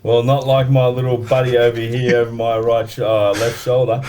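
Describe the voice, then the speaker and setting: A man's voice: medium pitch, flat delivery, moderate pace, a little mellow. A man on a panel, laid-back and cheeky, talking in slangy banter. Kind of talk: casual banter.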